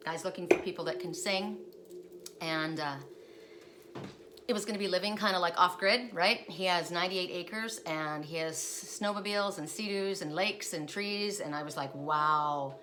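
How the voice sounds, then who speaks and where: A woman's voice: lowish voice, moderate pace, bright, forceful tone. A woman in a casual, rambling chat as she reads oracle cards, restarting her sentences often. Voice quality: rambling, chatty, with frequent restarts. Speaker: oracle card reader. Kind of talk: casual spiritual card reading. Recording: noisy home recording.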